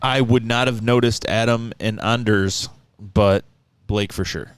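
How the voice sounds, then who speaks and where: A man's voice: lowish voice, steady tone, unhurried, clean tone, dry recording. A man co-hosting a podcast in casual banter, teasing and wisecracking with his friends. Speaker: podcast co-host.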